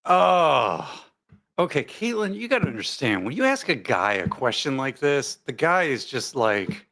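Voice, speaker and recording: Male streamer host, chatty and jokey, mid-pitched voice with a lively, bouncing delivery. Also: unhurried, gravelly. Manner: jokey, rambling, reads viewer comments aloud. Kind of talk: casual live commentary chat.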